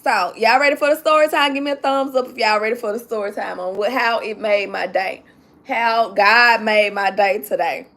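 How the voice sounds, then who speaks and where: A woman with a slightly high voice tells a story on a casual live stream, close to tears as she goes. She talks straight to her chat and circles back over the same points again and again. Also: moderate pace, a bit bright. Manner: emotional, talks to the chat directly, repeats herself. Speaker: livestream host telling a story.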